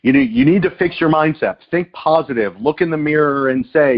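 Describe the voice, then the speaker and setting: A man hosting a podcast, asking a long question in a halting way with repeated words. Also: a little high. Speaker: podcast host. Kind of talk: interview questions. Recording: dull lo-fi audio.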